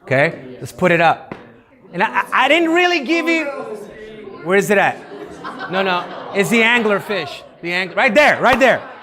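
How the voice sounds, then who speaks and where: High-voiced man teaching a youth group. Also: very animated, moderate pace, pushed and bright, a faint crowd. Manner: interactive, has the audience repeat words; playful, jokes with the room. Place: youth service room.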